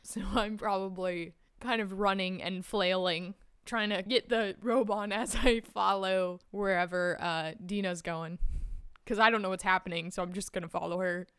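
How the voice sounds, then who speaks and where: A woman playing a tabletop game, giggling and rushing as she describes her character. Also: mid-range voice, steady tone, a bit bright, clean tone, dry recording, studio quality. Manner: giggly, rushed. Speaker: player.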